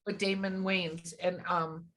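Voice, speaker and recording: A woman's voice: fairly low pitch, flat delivery, takes it slowly, fairly bright tone, a little hiss or hum. A woman co-hosting a podcast in casual chat, enthusiastic and sometimes trailing off as she searches for names. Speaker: podcast co-host.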